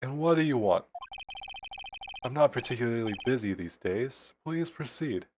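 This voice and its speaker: A man voicing a pompous, evasive older male lawyer in a slow, self-important low voice, over game music. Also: animated, noisy background, lightly acted.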